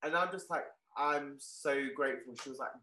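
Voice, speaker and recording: A young man tells a story as an interview guest in a bright, ringing voice, excitable and leaning on "like" as he goes. The sound carries a roomy echo. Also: fairly high pitch, moderate pace, a little hiss or hum. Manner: excitable, peppered with "like", animated retelling. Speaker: guest, clothing shop owner.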